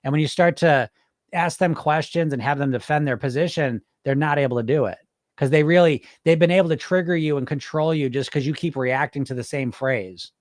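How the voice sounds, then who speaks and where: A hypnotist hosting a podcast talks bluntly and casually to his live chat, answering comments, swearing, and firing off rhetorical questions. His voice is on the high side and fairly quick, recorded in clean studio sound with no echo.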